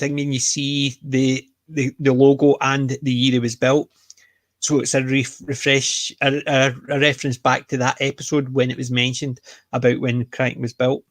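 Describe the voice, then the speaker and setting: A man with a Scottish accent, co-hosting a casual podcast chat and retelling scenes with lively energy. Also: medium pitch, dry recording. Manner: chatty, animated retellings of scenes. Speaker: podcast co-host.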